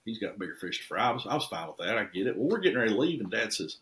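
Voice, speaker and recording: Guy, lowish voice, folksy and animated, telling shop stories on a podcast. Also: very fast. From Tennessee. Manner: folksy, animated storyteller with lively swings in loudness. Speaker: custom truck shop owner, guest. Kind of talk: casual podcast storytelling.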